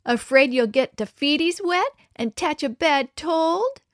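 A woman's voice: high voice, lively intonation, a little slow, no room sound, studio quality, pitched above the performer's own voice. A woman voicing a cocky boy who taunts his friend with sarcastic jeers. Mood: taunting. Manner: sarcastic, mocking.

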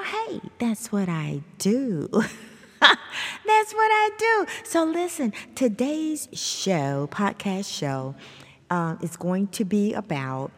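An upbeat woman hosts a motivational podcast in a mid-pitched voice. She talks chattily with lots of fillers and sudden jumps up in pitch. The sound rings with a long reverb. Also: a little mellow. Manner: upbeat and emphatic, with big upward pitch leaps; chatty, with many fillers and "you know, hey". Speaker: podcast host.

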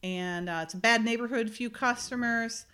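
A woman's voice: on the high side, normal speed, pushed and bright, smooth. A woman co-hosting a casual chat, retelling a TV episode in a chatty, storytelling way with lots of filler words. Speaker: podcast co-host recapping a TV episode.

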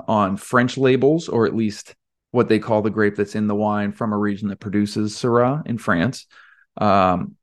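A young man hosting a casual solo podcast, rambling and self-deprecating with lots of fillers. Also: lowish voice. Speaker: podcast host.

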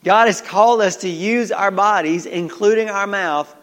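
A male pastor with a Southern country accent preaching a folksy sermon full of rhetorical questions, swinging between loud and hushed. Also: sits high, normal speed, long reverb tail. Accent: American Southern country. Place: church sanctuary.

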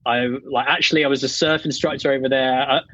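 A man's voice: mid-range voice, steady tone, fast talker, fairly bright tone, dull audio. A man with a British English accent, a podcast guest speaking over an internet call, laid-back and hesitant, with many fillers. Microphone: remote call over the internet.

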